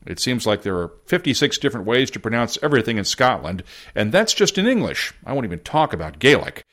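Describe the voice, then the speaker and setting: Wry, animated American podcast host. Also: male voice, medium pitch, fast. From United States. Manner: wry, self-deprecating. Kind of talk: scripted podcast narration.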